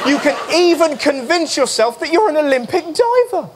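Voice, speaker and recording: Cheeky comic over loud crowd. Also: male voice, extremely high pitch, normal speed. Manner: cheeky, animated. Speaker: comedy show host. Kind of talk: stand-up monologue. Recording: loud studio audience and noise.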